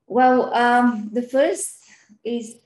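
Mellow middle-aged woman from eastern europe, podcast guest, lots of ums, echoey room. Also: a little high. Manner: earnest and quick, with frequent ums and repeated words. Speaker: podcast guest, banking professional. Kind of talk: interview podcast conversation.

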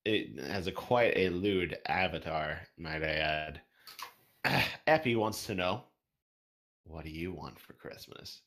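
A man hosting a casual podcast, reading listener questions aloud in a lively, animated way. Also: sits low, takes it slowly.

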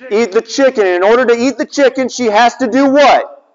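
A man's voice: very high voice, brisk. A man preaching a sermon, telling family stories with voices and asking his listeners rhetorical questions. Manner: animated storytelling, acting out family dialogue and rhetorical questions. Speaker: pastor. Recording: dull sound in a reverberant hall.

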